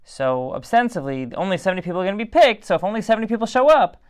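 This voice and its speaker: Rambling, tired rabbi, smooth clear voice. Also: male voice, high-pitched, very animated, racing. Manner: rambling, digressive, conversational. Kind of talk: casual Torah talk.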